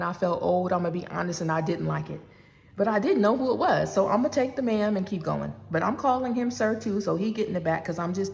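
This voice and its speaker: Gravelly woman telling a story. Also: fairly low pitch. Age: 40s. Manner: animated, acts out both sides of a phone call, talks straight to the audience. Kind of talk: casual personal storytelling. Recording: long reverb.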